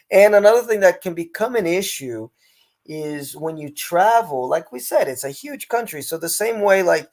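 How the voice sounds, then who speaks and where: A man's voice: on the high side, expressive, normal speed, darkish tone. A man with a Northeast American accent, hosting a casual interview and chatting straight to his viewers. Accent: Northeast American (Philadelphia/New York). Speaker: host and English teacher.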